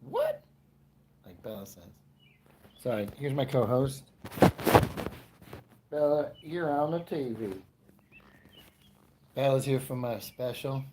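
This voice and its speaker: A man's voice: medium pitch, takes it slowly, long pauses, noisy background. A man in his forties from Florida doing stand-up comedy, rambling through his stories and interrupting himself. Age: 40s. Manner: rambling, self-interrupting storyteller.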